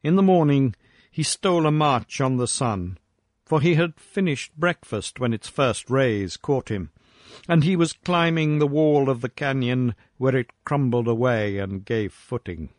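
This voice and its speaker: A man reading a classic story aloud in a slow, measured voice. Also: mid-range voice, no room sound, clean studio sound. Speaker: audiobook reader. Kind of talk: scripted narration of a classic story.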